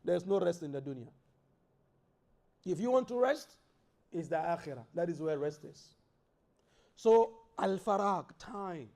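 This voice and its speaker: Brief: male preacher with a high-pitched voice, mosque sermon, builds emphasis and recites Arabic. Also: animated, a little slow, vocal fry, long pauses, darkish tone. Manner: preaches with rising emphasis and quoted Arabic verses. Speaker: imam.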